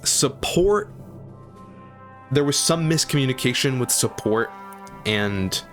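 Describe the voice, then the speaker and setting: A man's voice: mid-range voice, animated, slow pace, soft background music. A man running a tabletop game as game master, narrating in rambling bursts full of fillers.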